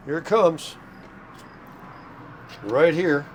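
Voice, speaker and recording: Older guy cooking steak at his rv, slow folksy talk, kinda winded, faint noise behind. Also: a little high. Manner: folksy, talks to himself while cooking. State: tired, short of breath. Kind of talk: casual vlog chat to camera. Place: RV park, indoors and out.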